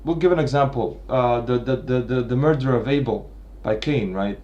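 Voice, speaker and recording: A man's voice: medium pitch, moderate pace, dark tone, highs cut off. A man giving an unscripted analytical talk on a literary work, thinking aloud with frequent restarts and tag questions. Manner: thinking aloud, many restarts and "right?" checks. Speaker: literature commentator.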